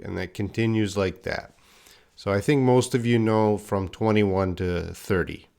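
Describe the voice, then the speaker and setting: Male English teacher, live class, slow and careful delivery, reads chat aloud. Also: lowish voice, fairly even intonation, gravelly, darkish tone. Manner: slow, deliberate, drills words for students to repeat; chats with viewers, reading the live chat aloud. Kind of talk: live-streamed English lesson.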